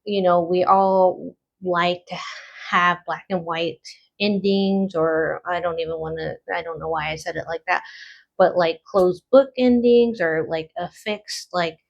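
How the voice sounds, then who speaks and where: A woman lays out tarot cards and talks through them in a slow, unhurried way, pausing often and filling the gaps with soft ums. Her voice sits a little low. The camera mic gives a dull, lo-fi sound. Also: steady tone, vocal fry. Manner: slow, musing, thinking aloud with many fillers. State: has the hiccups. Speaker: tarot card reader. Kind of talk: casual card reading.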